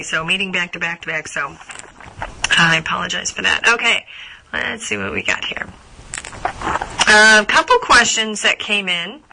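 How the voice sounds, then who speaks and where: A woman with a very bright, forward voice hosts a live coaching call for members. She talks in a loose, chatty way, full of "uh" and "um" and restarts as she works through listener questions. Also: medium pitch, rough recording. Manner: chatty, many fillers and restarts.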